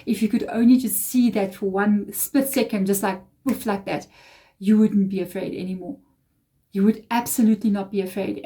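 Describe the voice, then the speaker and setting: A woman's voice: medium pitch, warm tone. Earnest, reassuring woman tarot reader. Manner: earnest, reassuring, repeats phrases for emphasis. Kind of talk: tarot reading addressed to viewers.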